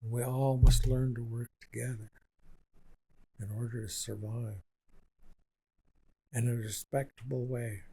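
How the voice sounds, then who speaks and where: An older man speaks as an elder, telling stories at a very slow and deliberate pace. His voice is gravelly and husky, with a dark tone. He comes back to the same points again and again with quiet conviction. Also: mid-range voice, little pitch movement, low-quality recording. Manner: unhurried and repetitive, speaking with conviction. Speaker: Indigenous elder, guest. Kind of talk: slow storytelling in conversation.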